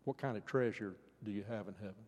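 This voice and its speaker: An older man preaching a sermon in an earnest way. His voice rises to fervent pleas and then drops soft. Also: fairly low pitch, fast talker. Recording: long hall reverb.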